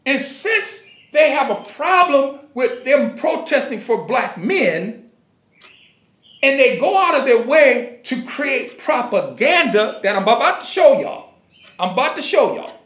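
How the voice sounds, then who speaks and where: A man's voice: extremely high pitch, very animated, a little slow, fairly bright tone. A man giving a ranting commentary, sarcastic and mocking, with frequent profanity. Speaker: commentary vlogger. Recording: echoey room.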